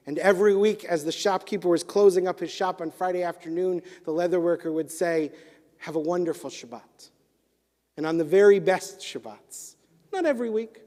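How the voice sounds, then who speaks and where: A man leading a worship service tells a story as a sermon, then offers a blessing. His voice sits high and his delivery is measured. A long chapel reverb trails every phrase. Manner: warm, measured storytelling that softens toward a hushed close. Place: synagogue chapel.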